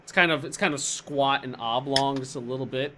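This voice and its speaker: A man's voice: medium pitch, a little fast, background noise. A man narrating a tabletop game as dungeon master, rambling and searching for words as he describes scenes.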